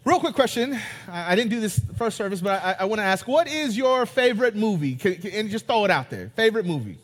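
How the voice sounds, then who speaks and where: High-voiced man preaching in a hall. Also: fast. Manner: animated, joking, retells scenes in character voices. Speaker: pastor. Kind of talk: sermon. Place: church sanctuary.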